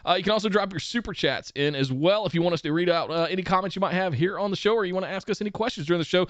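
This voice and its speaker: An upbeat man co-hosts a casual live podcast, rattling through plugs and shout-outs. His voice sits fairly high. The sound is dry and close. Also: quick pace, dry recording. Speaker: podcast co-host.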